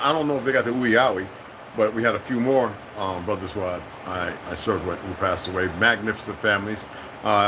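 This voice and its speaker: Rambling, profane middle-aged man. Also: background noise. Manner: animated with sudden high-pitched bursts. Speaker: military veteran vlogger. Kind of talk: casual monologue.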